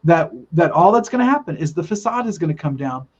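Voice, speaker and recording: A man's voice: fairly high pitch, lively intonation, a little fast, husky. Earnest man telling a vision story, muffled. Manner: earnest, rambling, many restarts. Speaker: guest telling a spiritual vision. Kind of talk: casual storytelling in a podcast chat. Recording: dull lo-fi sound.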